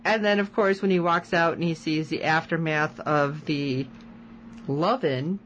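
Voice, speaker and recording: A woman's voice: sits low, measured pace, slight background noise, poor audio. A woman co-hosting a podcast, chatting casually as she recaps a TV episode and acts out quoted lines. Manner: animated, retells scenes with quoted lines. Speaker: podcast co-host.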